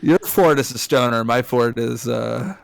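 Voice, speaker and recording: A man's voice: mid-range voice, unhurried, vocal fry, dry recording, studio quality. A man riffing playfully with his co-host while they play a game on a live stream. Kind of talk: casual joking chat during a gameplay stream.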